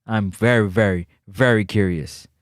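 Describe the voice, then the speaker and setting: A man with a Jamaican accent hosting a casual football talk show, teasing and animated and slipping into patois as he answers viewers. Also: on the low side, moderate pace, no echo, clean studio sound. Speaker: sports talk host.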